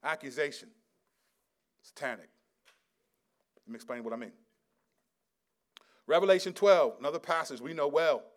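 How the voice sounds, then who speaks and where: Dynamic male preacher, fairly high voice. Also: lively intonation, moderate pace, pauses often. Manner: dynamic preaching, swinging from quiet and low to loud and emphatic; reads scripture aloud with rising intensity. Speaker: pastor. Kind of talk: sermon.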